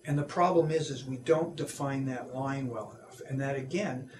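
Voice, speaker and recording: A man, an anti-bullying seminar speaker, being interviewed; he talks in an animated way, acts out the voices he quotes, and often restarts his sentences. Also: medium pitch, moderate pace, background noise.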